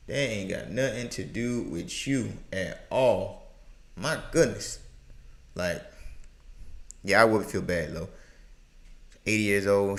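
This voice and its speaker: A man's voice: lowish voice, creaky. A man giving live reaction commentary, exclaiming and offering advice. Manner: animated, exclaiming, preachy asides. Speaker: reaction streamer.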